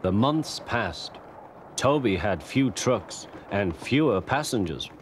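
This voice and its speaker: A man's voice: fairly low pitch, takes it slowly, slight background noise. A man with a British accent narrating a children's storybook cartoon expressively. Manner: lively and expressive.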